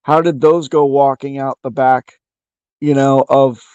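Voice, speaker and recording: A man's voice: mid-range voice, steady tone, a little slow, a little mellow, clean tone, dry recording, muffled recording. Man, casual voice-chat host, opinionated, long explanations, frequent restarts, dry close sound.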